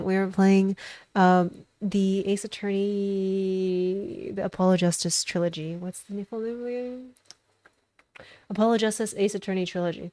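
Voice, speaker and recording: A woman's voice: mid-range voice, a little mellow, no echo. A woman streamer chatting casually with her viewers, talkative and often giggling. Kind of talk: casual livestream chat.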